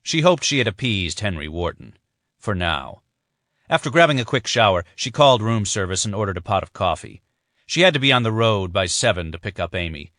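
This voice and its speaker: A man narrating a thriller audiobook in a measured, even way. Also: lowish voice, dry recording, studio quality. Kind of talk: scripted narration.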